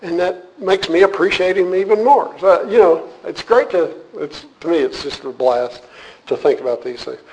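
A man's voice: high-pitched, moderate pace, a little mellow, poor audio. A man teaching a church group in a casual, joking way, then turning earnest as he explains a point. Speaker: teacher leading a church class. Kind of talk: casual sermon to a live group.

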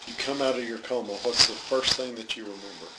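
A male interviewer asking calm, probing questions. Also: mid-range voice, quick pace. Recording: loud background noise.

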